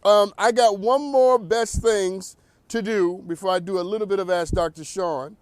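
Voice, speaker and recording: A man hosting a talk show, giving animated, preachy commentary and laughing often. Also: high-pitched, moderate pace, clean tone, dry recording. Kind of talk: energetic commentary.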